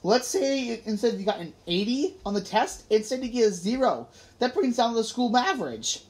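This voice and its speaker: A woman's voice: a little high, animated, normal speed, darkish tone, pitched above the performer's own voice, natural voice. A woman voicing a clever, friendly schoolgirl who explains things reasonably, in an audiobook reading. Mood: explaining.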